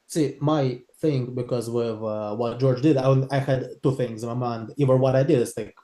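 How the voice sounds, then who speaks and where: A man's voice: medium pitch, steady tone, fairly quick, mellow. Hesitant male sales trainee, echoey room. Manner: hesitant, thinking aloud.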